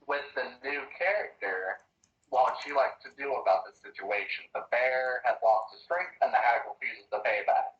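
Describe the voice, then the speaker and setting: A man acting as dungeon master, narrating a tabletop game in a relaxed, hesitant way with plenty of ums. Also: medium pitch, moderate pace, highs cut off.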